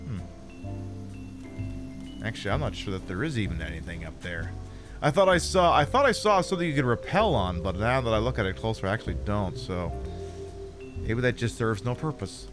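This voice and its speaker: A man's voice: lowish voice, very animated, a little fast, pauses often, over music. A man playing a game on stream, muttering sarcastic, swearing commentary to himself. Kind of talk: casual gameplay commentary.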